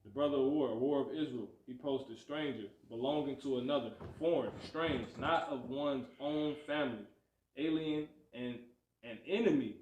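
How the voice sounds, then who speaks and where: A man's voice: medium pitch, moderate pace, roomy sound. A man teaching a livestreamed Bible lesson in a preachy, repetitive way, often asking "you see?". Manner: preachy, repeats "you see" and "you know what I'm saying", animated swings. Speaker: scripture teacher.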